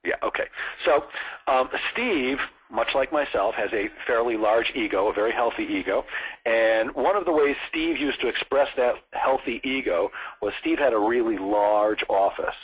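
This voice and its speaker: This animated trainer shares a story from his sales days, performing others' dialogue as he goes. The recording is low quality; his voice is mid-range and slightly rough, at a moderate pace.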